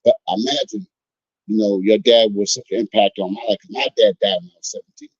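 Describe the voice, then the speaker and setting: Animated man hosting a sports talk show. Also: lowish voice, fairly quick, husky, dry recording. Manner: animated, addresses listeners as folks. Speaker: podcast host. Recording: dull lo-fi sound.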